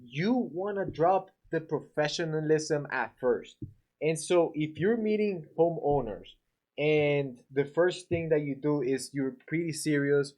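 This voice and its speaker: A man's voice: a little high, moderate pace, a little mellow. A man coaching painters on winning estimates, talking casually and acting out greetings in playful voices. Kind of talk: casual instructional talk to camera.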